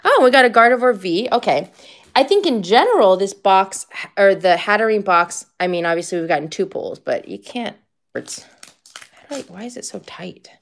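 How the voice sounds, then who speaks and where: A woman's voice: medium pitch, lively intonation, moderate pace. A woman in her fifties streaming card-pack openings, chatty and gushing, shrieking with joy at big pulls. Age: 50s.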